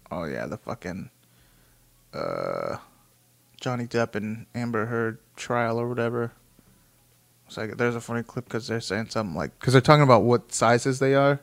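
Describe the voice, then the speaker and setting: A man's voice: mid-range voice, lively intonation, unhurried, creaky, long pauses. A man in his thirties chatting casually and rambling, swearing often and breaking into laughter.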